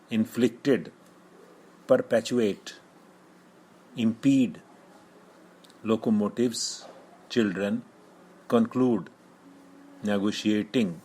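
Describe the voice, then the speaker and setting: A man, a shorthand teacher, dictating single words slowly with steady pauses between them. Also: fairly low pitch, a little hiss or hum, rough recording. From India. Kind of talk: slow word-by-word dictation.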